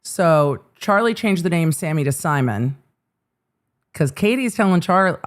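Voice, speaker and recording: A woman's voice: fairly low pitch, lively intonation, a little slow. A woman hosting live trial commentary, reacting with sarcastic, exasperated asides. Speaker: legal commentary host.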